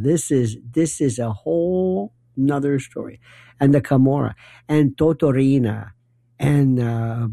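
A man's voice: mid-range voice, vocal fry, mellow, no room sound. A middle-aged man hosting a late-night talk radio show, delivering a rambling, opinionated and wry monologue.

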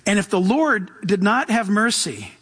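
A man's voice: high-pitched, sing-song, unhurried, a bit bright, husky. A middle-aged man preaching a sermon as pastor, enthusiastic and casual, with slangy asides. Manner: enthusiastic, casual slang, voices Jesus in quotes.

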